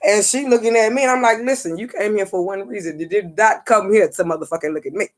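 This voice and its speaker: Profane, animated storytelling woman. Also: medium pitch, fast. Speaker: psychic reader and vlogger. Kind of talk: casual storytelling vlog.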